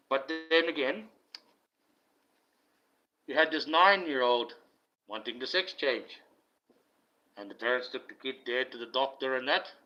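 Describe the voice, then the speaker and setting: A man's voice: mid-range voice, pushed and bright. Blunt, profane man ranting. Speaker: self-styled online preacher. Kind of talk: ranting monologue. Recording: dull lo-fi recording.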